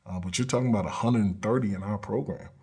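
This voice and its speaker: A man's voice: fairly low pitch, fast talker, a little mellow, slightly rough. A man who coaches college football, talking earnestly and plainly in an interview, with frequent ums and uhs. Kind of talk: conversational interview.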